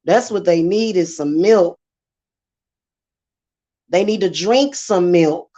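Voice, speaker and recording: A woman's voice: fairly low pitch, slow pace, warm tone. A woman, hosting a casual, sassy monologue with many fillers. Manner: chatty, sassy, repetitive fillers. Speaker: spiritual channel host. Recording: dull lo-fi sound.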